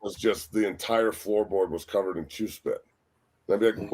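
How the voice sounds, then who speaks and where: A deep, husky man spins rowdy, profane stories at full volume, laughing as he goes. He talks like a former football lineman among friends on a sports talk show. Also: fairly even intonation, moderate pace. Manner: loud, profane, laughing storyteller. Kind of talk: casual storytelling.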